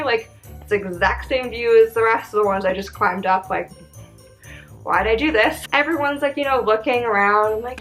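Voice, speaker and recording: A woman's voice: fairly high pitch, lively intonation, fairly quick, fairly bright tone, faint music behind, poor audio. A young woman telling a travel story in a casual vlog, chatty and swearing freely, acting out her own quotes.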